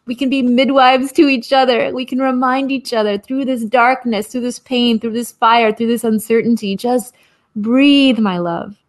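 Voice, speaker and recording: A woman's voice: fairly high pitch, little pitch movement, normal speed, hardly any pauses. A woman in her forties telling a personal story in an impassioned, earnest way, repeating phrases in a rhythmic cadence. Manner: rhythmic, repetitive, earnest, with soft laughs. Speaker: guest speaker, activist.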